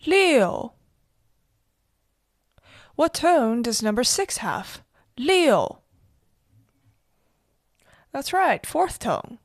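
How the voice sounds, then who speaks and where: A woman hosting a language podcast, slowly demonstrating Mandarin tones with patient pauses for repetition. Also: fairly high pitch, sing-song, no room sound, studio quality. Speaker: host, Mandarin teacher. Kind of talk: slow, deliberate language lesson.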